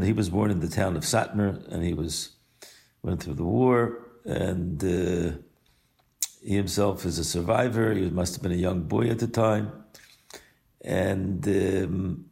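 Older male rabbi, deep gravelly voice, unhurried storytelling message. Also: dark tone. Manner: unhurried, weaves Hebrew and Yiddish terms into English. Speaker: rabbi and yeshiva teacher. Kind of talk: recorded personal message and story.

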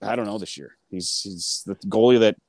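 A man co-hosting a casual hockey chat, excitable and full of fillers, acting out his own reactions. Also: fairly low pitch, a little fast, no room sound. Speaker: sports podcast co-host.

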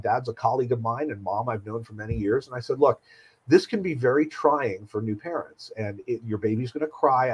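A middle-aged man, a children's surgeon, speaking in an earnest, measured and reassuring way in a conversation. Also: medium pitch, darkish tone, husky, poor audio. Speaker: pediatric surgeon. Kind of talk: podcast conversation.

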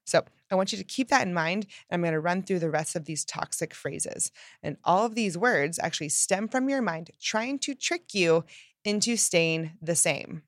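A woman giving an upbeat motivational self-help talk, emphatic and lively, acting out the phrases she quotes. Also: lowish voice, normal speed, dry recording, studio quality. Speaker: self-help podcast host.

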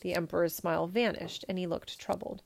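Gentle woman reading a storybook. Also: on the low side, steady tone, fairly quick, creaky, noisy background. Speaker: storybook reader. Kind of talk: storybook read-aloud.

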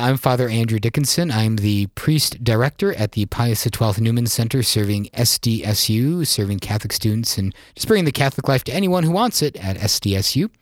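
A man's voice: mid-range voice, dry recording, clean studio sound. A man from South Dakota, a priest co-hosting a podcast, chatting casually with wry, teasing humor. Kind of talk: casual chat.

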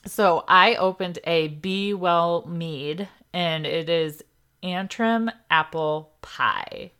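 A woman co-hosting a farm comedy podcast in casual chat, chatty and quick to laugh. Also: on the low side, sharp tone, clean tone. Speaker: podcast co-host.

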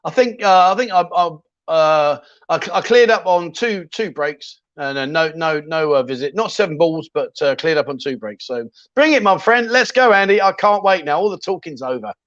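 A man's voice: on the high side, expressive, normal speed, a bit bright, no room sound, muffled recording. A man hosting a casual livestream, chatting loosely and reading viewer comments with plenty of ums and restarts. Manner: chatty, rambling, jokey, with many ums and restarts. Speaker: livestream host.

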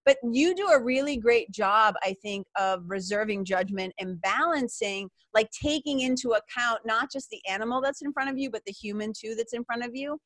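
A woman hosts an interview podcast in casual conversation, gushing and rambling with frequent restarts. Her voice runs on the high side and slightly bright, moving at a moderate pace with barely any pauses. There is no echo.

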